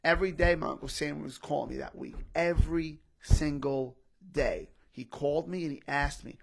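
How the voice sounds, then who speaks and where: Speaking on the high side, fairly quick and creaky with few pauses, a young comedian shares an emotional personal story as a podcast guest. The chat is casual, and he keeps repeating himself and dropping "bro" and "literally".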